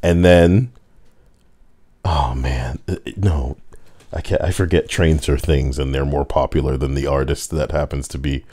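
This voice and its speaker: A man's voice: very deep voice, steady tone, measured pace, mellow. A man hosting comedic reaction commentary in a sarcastic, joking way. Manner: sarcastic, jokey, laughs often. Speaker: commentary host.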